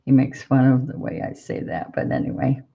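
A woman chatting warmly with viewers while she demonstrates painting in a live-streamed lesson. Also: rumbling low, very animated, normal speed, gravelly, breathy edge, muffled recording. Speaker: painting instructor.

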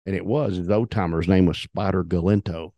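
An older man tells rough, profanity-laced stories, slipping into the voices of the people he quotes. His voice sits on the low side and the recording is dry and close, with no room sound. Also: a little fast, dry recording, lo-fi sound. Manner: profane, animated storyteller acting out quotes. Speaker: interview guest, retired wrestler. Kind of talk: storytelling in a shoot interview.

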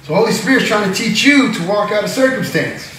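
A man teaching a lively Bible-study sermon in a classroom, animated and laughing often, acting out little voices. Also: high-pitched, brisk. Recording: echoey room from far off, with background noise.

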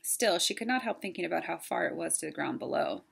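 A woman, a teacher, reading a chapter book aloud in a plain, steady way. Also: low voice, fast, creaky, breathy edge. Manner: plain, steady reading with some self-corrections.

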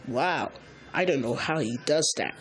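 A woman improvising a story narration with toys, halting and restarting mid-sentence. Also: a bass voice, animated, faint music behind.

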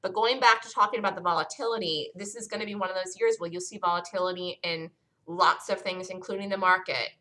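A woman's voice: fairly low pitch, steady tone, fast talker, sharp tone, poor audio. A woman leading a live stock-chart review for traders, talking emphatically, repeating her points and asking listeners for questions. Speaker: trading room leader.

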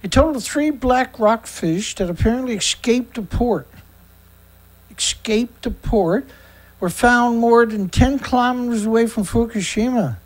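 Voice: mid-range voice, moderate pace, few pauses, poor audio. A host of a daily news show reads news excerpts aloud and comments on them in a sarcastic, indignant way, often stumbling and repeating words.

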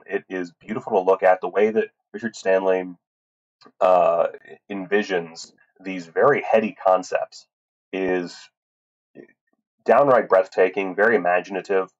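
Deep-voiced guy rambling about movies, lots of ums and restarts, swears a lot, kinda tinny dull mic. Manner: rambling, many fillers and restarts, swears freely. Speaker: podcast host reviewing films. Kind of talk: casual solo film talk. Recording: tinny wrong-mic recording.

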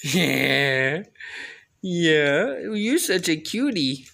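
A father gently coaxing his baby in a home video, sometimes turning playfully dramatic. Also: fairly high pitch, sing-song, drawn-out words, creaky.

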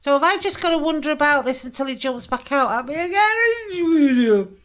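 A gaming channel host with a high, expressive, slightly bright voice speaks at normal speed. Playing a horror game, she gives nervous, jumpy commentary, swearing and laughing at her own frights.

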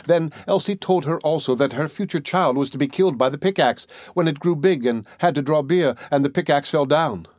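A man reading a fairy tale aloud as an audiobook narrator, in an even, unhurried storybook manner. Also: medium pitch, dry recording, clean studio sound.

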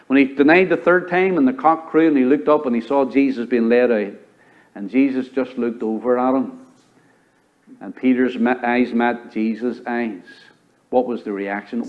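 A man with a Southern US accent preaching a sermon as pastor, rising to loud high exhortation and dropping to low, quiet emphasis. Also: moderate pace, dull audio. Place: church sanctuary.

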